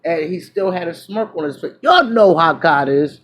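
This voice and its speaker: A woman vlogger telling a personal story to her viewers, loud one moment and hushed the next, full of fillers and restarts. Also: on the low side, moderate pace, hardly any pauses, low-quality recording. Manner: animated, drifts between loud exclamations and hushed asides; chatty, many fillers and restarts.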